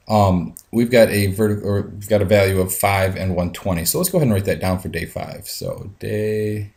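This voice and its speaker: Male teacher, low and steady, walking students through math steps with plenty of ums. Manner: talks through each step aloud, frequent ums. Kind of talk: screencast lesson.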